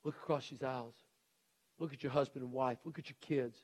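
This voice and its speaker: With a medium-pitched, fairly even voice and a slightly fast pace, a middle-aged man preaches as pastor. He pleads earnestly, making repeated urgent appeals to his congregation.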